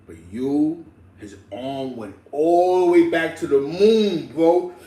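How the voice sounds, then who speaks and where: A man telling a street story in slangy, animated casual talk, laughing and acting out the people in it. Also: on the high side, takes it slowly. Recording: roomy echo, distant mic, faint ambience.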